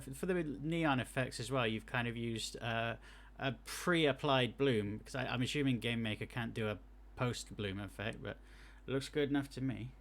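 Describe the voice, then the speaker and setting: A man plays and reviews small games on a live stream, talking through what he sees as he goes. His voice sits at an ordinary middle pitch. He chats loosely, restarts his sentences and drifts into technical notes on graphics. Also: normal speed, few pauses, fairly bright tone. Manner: chatty, thinks aloud, with restarts; technical asides on game effects. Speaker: game streamer. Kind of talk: live gameplay commentary.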